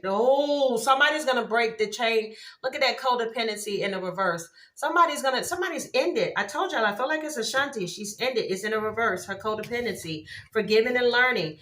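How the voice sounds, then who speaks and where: A woman, giving a casual tarot reading to viewers, exclaiming at the cards as she turns them. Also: mid-range voice. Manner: excitable, exclaims at cards, laughs often. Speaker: tarot reader.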